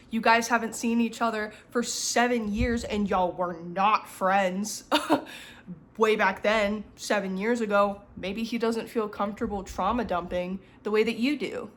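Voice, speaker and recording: Exasperated woman ranting about a book. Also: medium pitch. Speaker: book vlogger. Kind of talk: casual reading vlog rant.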